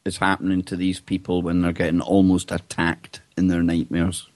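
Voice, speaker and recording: Give me a man hosting a casual podcast with a low voice and dry sound, teasing and jokey. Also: monotone, moderate pace, a little mellow, dry recording. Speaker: host.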